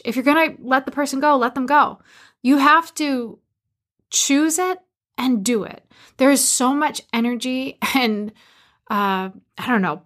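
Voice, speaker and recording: A woman coaching listeners in a solo motivational talk, with a fairly high voice. She speaks with energy and emphasis and drives her points home with short repeated commands. She records from a quiet barn studio. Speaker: business coach and podcast host.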